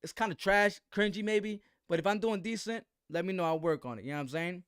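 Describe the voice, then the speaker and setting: A man's voice: high-pitched, fast, fairly bright tone, smooth, no room sound, studio quality. A man hosting a live boxing commentary stream, talking in slang with a defensive tone and asking "right?" again and again.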